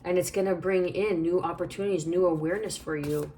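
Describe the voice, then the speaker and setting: A woman giving a spiritual tarot reading, unhurried and reflective, repeating phrases as she pulls cards. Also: fairly low pitch, fairly even intonation, dark tone, a little hiss or hum. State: hiccuping. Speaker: tarot reader.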